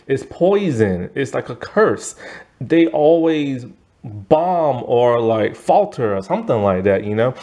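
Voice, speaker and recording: A man talks through a movie review in a loose, chatty way. His pitch swings up and down a lot, and his thoughts ramble along with plenty of fillers. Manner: rambling, animated, lots of fillers and laughs. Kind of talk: casual spoken movie review.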